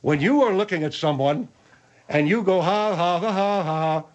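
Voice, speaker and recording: Man putting on a high, hot-tempered blowhard, dull lo-fi sound. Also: animated, normal speed. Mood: blustering. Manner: blustery, insists on handling things. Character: short-tempered man called the General.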